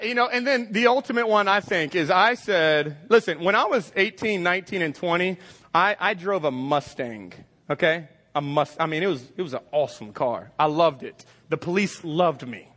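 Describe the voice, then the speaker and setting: A man, preaching a lively, joking sermon and acting out scenes. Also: fairly high pitch. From Texas. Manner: energetic, joking, acts out scenes in voices. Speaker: pastor. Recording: long hall reverb.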